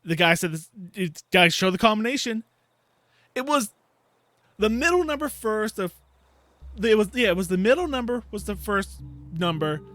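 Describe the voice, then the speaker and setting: A gaming YouTuber rants casually about a bad game, laughing in disbelief and acting out his own reactions like an exasperated storyteller. His high voice has lively intonation and a fairly bright tone, at normal speed with long pauses.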